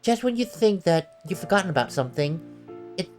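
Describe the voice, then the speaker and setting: A woman voicing a gentle, wistful teenage girl in a video game, reading in a soft, reflective way. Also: fairly low pitch, expressive, fairly quick, close to an everyday voice. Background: faint game music.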